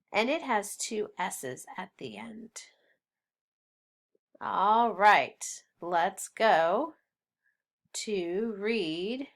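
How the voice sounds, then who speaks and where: A woman teaching a phonics lesson, sounding out words slowly and deliberately. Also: medium pitch, fairly bright tone.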